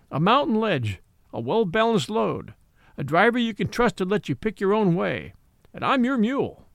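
A cocky army mule from a storybook, always ready to argue and full of bluster. A man voices him high and springy, with pitch swinging up and down. The recording is dry and close. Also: a bit bright, dry recording, heavily acted. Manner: blustering, indignant.

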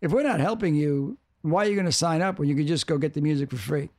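An older man, a music executive, in a casual interview, talking in halting bursts that repeat words. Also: on the high side, a little mellow.

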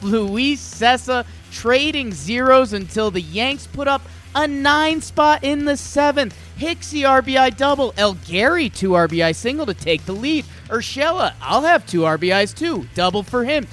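A man putting on a British accent to read a brisk over-the-top game recap like a sportscaster. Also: very high-pitched, a bit bright, voice pushed up. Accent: put-on British.

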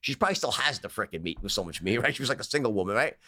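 Animated American man telling stories. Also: mid-range voice, very fast. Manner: lively, animated storyteller who acts out the people in his tales, laughing often. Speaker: guest. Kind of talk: storytelling in a casual interview.

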